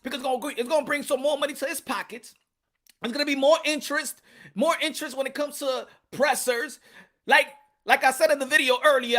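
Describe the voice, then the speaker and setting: A man running his own boxing commentary channel, with a high, bright and forceful voice. He talks in a loose, slangy, animated way, stacking up repeats and jokes as he rants to his viewers. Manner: animated, slangy, repetitive, joking. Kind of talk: casual commentary vlog.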